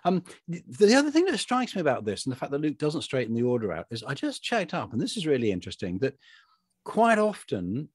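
A man with a slightly husky voice talks through a Bible story in casual conversation, his pitch rising and falling a lot. He thinks aloud, restarts sentences and chuckles now and then. The recording is dry and close. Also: huge pitch swings, brisk, no room sound. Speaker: podcast co-host. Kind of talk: casual discussion of a Bible passage.

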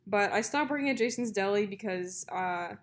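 A young woman co-hosting a casual podcast, spinning long stories full of "like" and "um". Her voice sits at a middle pitch and she talks in a loose, conversational way. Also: normal speed. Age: young adult. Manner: chatty storyteller, many fillers and likes. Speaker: podcast co-host. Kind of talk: casual chat.

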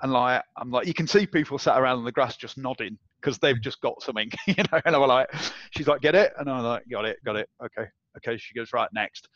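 A man being interviewed, telling a personal story in a casual, animated way and acting out the voices of others. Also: medium pitch, fast talker, few pauses, no echo. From England. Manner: animated, acts out quoted voices, swears and laughs. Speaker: interview guest. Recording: dull, dry audio.

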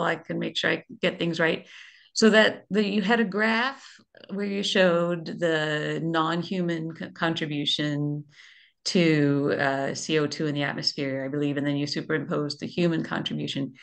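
A woman from the audience asking questions about a presentation, halting and searching for her words. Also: lowish voice, steady tone, gravelly, fairly bright tone. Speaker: audience member.

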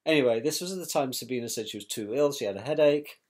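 A man's voice: medium pitch, fast talker, a little mellow. A man recounting events about his brother, in a scornful, colloquial storytelling manner. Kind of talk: personal storytelling.

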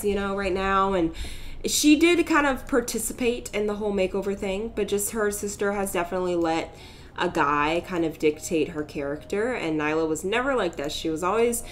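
A young woman hosts a let's play of a life-simulation game, casually commentating and narrating her characters' drama. She's chatty and giggly, voicing characters in quick asides. Her voice sits at medium pitch, with a little hiss or hum on the recording.

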